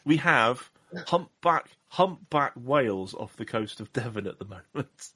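A man's voice: mid-range voice, expressive, unhurried, sharp tone, husky. A man hosting a podcast in casual chat, rambling and self-deprecating with jokes. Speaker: podcast host.

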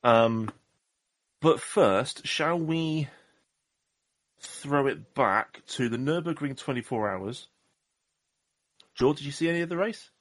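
A man's voice: medium pitch, expressive, takes it slowly, pauses often, no room sound. A man hosting a podcast in casual chat, rambling and self-deprecating with jokes. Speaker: podcast host.

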